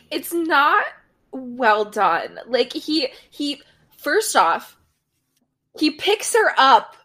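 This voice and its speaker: A woman's voice: high voice, sing-song, drawn-out words, long pauses, pushed and bright. A woman co-hosting a casual podcast, chatting about a TV episode with wry, amused asides. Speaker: podcast co-host. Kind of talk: casual chat recapping a TV episode.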